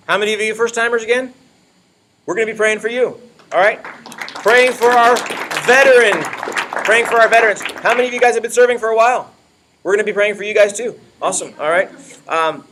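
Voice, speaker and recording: A man's voice: mid-range voice, fairly bright tone. A man leading church volunteers in an informal, upbeat talk, often checking in with "all right?". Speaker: children's ministry leader.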